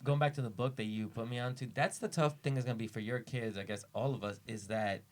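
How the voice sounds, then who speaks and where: A man from the Dominican Republic hosting a casual podcast chat, telling animated stories and acting out quotes. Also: medium pitch, quick pace. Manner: animated storyteller, acts out quotes. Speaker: podcast host. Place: studio with cameras.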